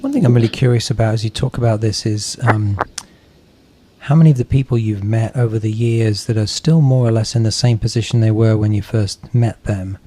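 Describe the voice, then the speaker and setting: Man, podcast host, lowish voice, mellow tone, thoughtful hedging questions. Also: a little fast, slight background noise. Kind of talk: curious interviewing.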